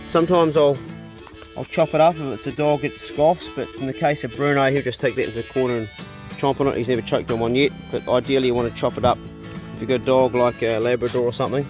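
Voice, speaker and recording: Easygoing aussie bloke, middle-aged, casual farm chat, music playing behind. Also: male voice, mid-range voice, fairly even intonation, quick pace. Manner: laid-back, talks to his dogs. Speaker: vlogger. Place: farmhouse.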